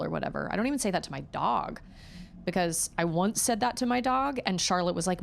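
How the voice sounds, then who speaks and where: Candid, rambling woman with a gravelly voice. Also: fairly low pitch, a little fast. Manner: candid, rambling, acts out quotes. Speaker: streamer and mother. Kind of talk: casual chat while gaming.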